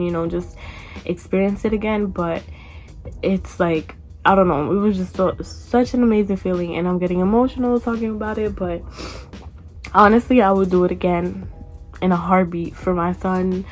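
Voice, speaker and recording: A woman's voice: fairly even intonation, normal speed, soft background music. Chatty young woman telling a story. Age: 20s. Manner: casual, chatty, acts out quoted people in a higher voice. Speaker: vlogger. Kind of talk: storytime vlog.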